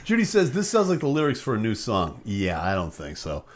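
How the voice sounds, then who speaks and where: A man's voice: on the low side, huge pitch swings, a little fast, slight background noise. A man hosting a live stream and chatting casually, joking and laughing often. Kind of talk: casual chat.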